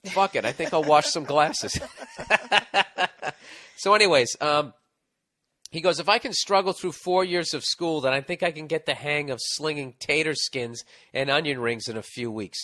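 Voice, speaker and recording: A man's voice: a little high, normal speed. A man hosting a comedy podcast, reading out a listener's letter and telling stories in a profane, ranting way. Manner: profane, ranting, animated storytelling. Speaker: podcast host.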